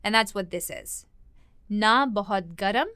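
A woman teaching a language lesson, explaining words and phrases in a clear, explanatory way. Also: medium pitch, unhurried, sharp tone, no echo, studio quality.

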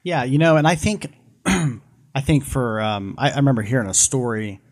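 Animated man retelling a story. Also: mid-range voice, normal speed. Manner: animated storyteller, many restarts and fillers. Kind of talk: casual discussion, retelling a story.

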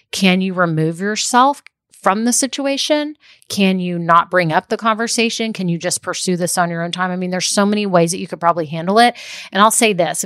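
A woman's voice: fairly low pitch, fairly bright tone, no room sound, studio quality. A woman who hosts a podcast and coaches small business owners. She talks casually, laughs often and drifts into tangents. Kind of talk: casual solo podcast talk.

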